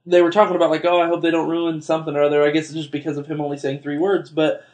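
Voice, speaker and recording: Hesitant, hedging man, fairly high voice. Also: monotone, racing, darkish tone. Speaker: podcast co-host. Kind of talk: casual chat.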